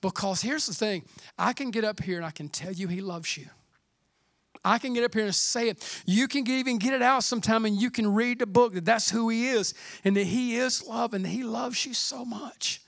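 A middle-aged man preaching a sermon in a fervent, conversational way, often dropping to a hushed near-whisper. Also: very high-pitched, normal speed, creaky, no echo, studio quality. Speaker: pastor.

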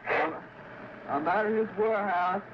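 A man giving voice to a young Texan man on a phone call, talking in flat, halting phrases, pitched high for a man. The sound is muffled and dull, buried under loud hiss and clicks from an old recording. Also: close to an everyday voice. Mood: subdued. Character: young man confessing by phone to his mother. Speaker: caller in archival phone recording.

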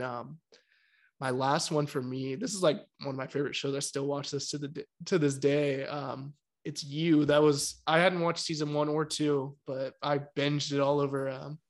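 A man co-hosting a podcast, talking in a relaxed, hesitant way with many fillers as he steers the conversation. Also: mid-range voice. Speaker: podcast co-host. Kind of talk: casual chat.

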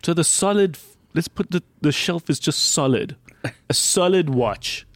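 A young man hosting a casual podcast chat, animated and swearing, laughing as he talks. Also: a little high, unhurried, dry recording. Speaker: podcast host.

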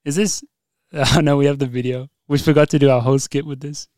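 A man hosting a podcast in easy, casual chat, often breaking into laughs. His voice is clean and smooth at a middling pitch, recorded close and dry. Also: fairly even intonation, brisk, a little mellow, no echo. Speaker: podcast host.

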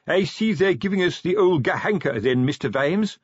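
A man's voice: a little high, lively intonation, normal speed, breathy edge, dry recording, voice pushed up. A man voicing an anxious, falsely cheerful veteran police sergeant who keeps hoping for reassurance. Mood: nervously cheerful. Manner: hopeful, wheedling. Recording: dull dry audiobook recording.

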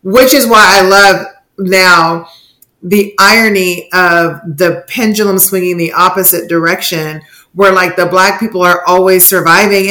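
A woman's voice: fairly low pitch, fairly even intonation, measured pace, bright, forceful tone, rough recording. A woman co-hosting a podcast in casual, emphatic chat, often slipping into mocking quoted asides. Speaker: podcast co-host.

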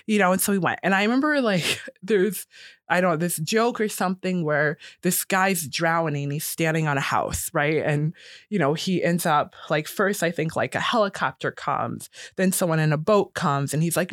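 A woman in her thirties telling a personal story in casual talk, jumping up in pitch when she quotes people. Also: normal speed, no room sound, clean studio sound. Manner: animated, acts out quoted voices higher.

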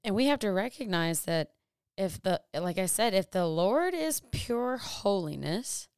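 A young woman giving a casual faith talk, animated, full of rhetorical questions and self-deprecating asides. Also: medium pitch, measured pace, clear, resonant tone, no room sound, studio quality. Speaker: Christian vlogger and small business owner.

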